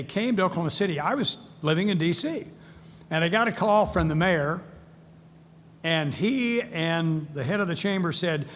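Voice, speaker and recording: Older guy giving a speech, kinda high voice, big echoey hall, faint room hum behind. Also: fairly bright tone. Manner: storytelling, acts out quoted voices. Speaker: keynote speaker. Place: large event hall. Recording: long hall reverb, faint ambience.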